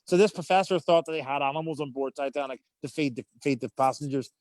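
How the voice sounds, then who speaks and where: A Belfast man, a tour guide, telling stories on a video call with deadpan, sarcastic humour. His voice sits high for a man, and the sound is dry and close. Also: fast, dry recording. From Northern Ireland. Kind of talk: anecdotal storytelling on a video call.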